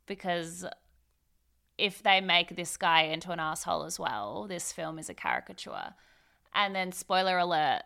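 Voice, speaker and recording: Woman, casual film review chat, opinionated, smooth, fairly low voice. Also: sharp tone.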